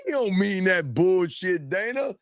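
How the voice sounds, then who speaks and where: Brief: crude, animated male podcast host, high voice, dry close sound. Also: measured pace, dry recording. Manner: loud, crude, animated ranting. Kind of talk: casual reaction chat.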